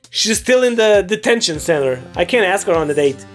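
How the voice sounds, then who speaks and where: A woman's voice: mid-range voice, lively intonation, normal speed. A woman streamer giving casual, chatty commentary while playing a game. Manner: chatty, giggly. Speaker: gaming streamer. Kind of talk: casual let's-play commentary. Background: game music.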